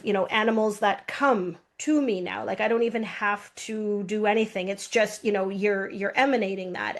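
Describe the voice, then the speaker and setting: A woman hosting an interview, speaking reflectively and searching for words. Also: mid-range voice. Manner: searching, hesitant, with fillers. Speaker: podcast host.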